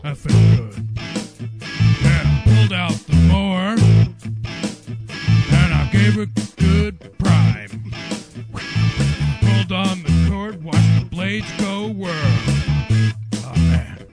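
A man doing a gravelly macho wrestler singing. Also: sits high, huge pitch swings, slow pace, pauses often, exaggerated voice. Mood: boastful. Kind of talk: comic novelty song over guitar. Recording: loud guitar music behind.

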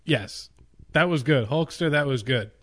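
A man's voice: fairly high pitch, a little slow, a bit bright. A man hosting a comedy radio show, teasing his co-hosts and reading out news. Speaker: radio host.

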